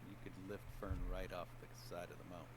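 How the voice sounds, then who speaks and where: Calm game-master narrator, male, noisy recording. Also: sits low, quick pace.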